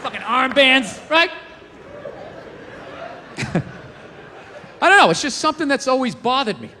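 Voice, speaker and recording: Stand-up comic, male, very high and bright voice, heard in a reverberant hall. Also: a little slow, some chatter behind, a little hiss or hum. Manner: profane, rambling, animated rants with acted-out quotes. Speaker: stand-up comedian. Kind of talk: stand-up comedy routine.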